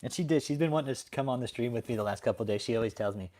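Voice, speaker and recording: A man's voice: mid-range voice, very fast, a little mellow. A male livestream host in casual chat, laid-back and profane.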